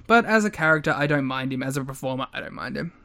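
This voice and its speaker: A man co-hosting a podcast in casual chat, playful and quick to joke. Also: mid-range voice, lively intonation, creaky, bright, forceful tone, slight background noise. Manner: playful, joking, quick to laugh. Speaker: podcast co-host.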